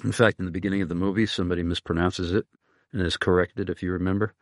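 A man's voice: low voice, level tone, fast, no echo, clean studio sound. A man hosting a talk show, relaying a listener's question and plugging a resource. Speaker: radio show host.

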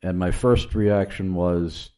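An earnest man with a low, mellow voice shares his testimony as a guest, speaking slowly with fairly even intonation. His casual delivery is halting, full of fillers and restarts.

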